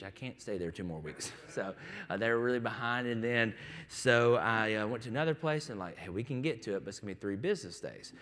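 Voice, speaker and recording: A man preaching from the pulpit in a mid-range voice, his words ringing out with a long reverb around him. He tells stories in a conversational way, acting out the other people's lines as he goes. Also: medium pitch. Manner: conversational storytelling with quoted voices. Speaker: pastor. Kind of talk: sermon.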